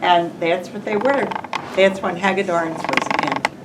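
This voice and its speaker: A woman's voice: fairly low pitch, measured pace. An older woman in the audience, chatting and laughing as she recalls her past. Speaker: audience member. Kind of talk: casual reminiscing. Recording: distant mic with loud background noise.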